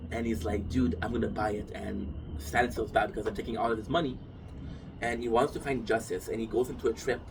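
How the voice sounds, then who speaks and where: A man talking casually about a figure from his collection, rambling, restarting sentences and swearing freely. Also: mid-range voice. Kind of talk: casual rambling talk to camera. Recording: distant mic with noisy room ambience.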